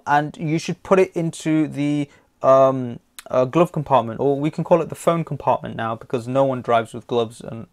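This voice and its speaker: A man teaching an online driving theory lesson, reading questions aloud in a chatty, jokey way with lots of fillers. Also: mid-range voice.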